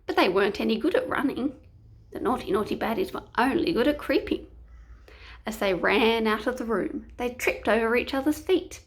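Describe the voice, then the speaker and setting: A woman's voice: on the high side, normal speed, husky. A woman reading a picture book aloud to children, playful and sometimes dropping to a whisper. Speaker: storyteller.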